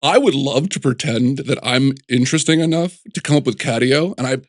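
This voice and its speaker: Animated man telling stories, dry close sound. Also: mid-range voice, fairly quick, no echo. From United States. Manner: animated storyteller, jumps into voices and restarts. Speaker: guest sculptor. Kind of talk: casual interview chat.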